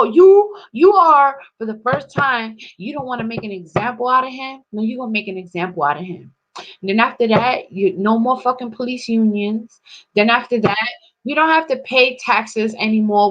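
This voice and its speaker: A woman delivering an angry, profane monologue to camera, swinging between loud outbursts and low muttering. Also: highs cut off. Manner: heated, profane ranting.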